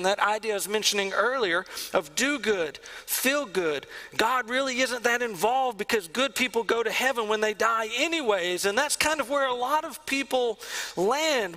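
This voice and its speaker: A man preaching a sermon as the pastor of a church, earnest, sometimes dropping to a hush. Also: high-pitched, poor audio. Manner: earnest preaching, drops to a hush on key lines. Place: church sanctuary.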